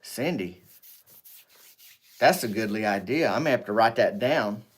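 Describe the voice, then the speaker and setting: A man hosting a casual livestream, rambling and joking with viewers, swinging between loud greetings and low asides. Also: expressive, normal speed, slightly rough. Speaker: livestream host. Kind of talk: casual live chat with viewers.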